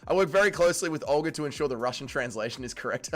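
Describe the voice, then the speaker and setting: A man's voice: a little high, animated, rapid-fire, few pauses, a bit bright. A young man hosting a fight watch-along livestream, reading chat aloud and chatting casually with blunt, profane banter.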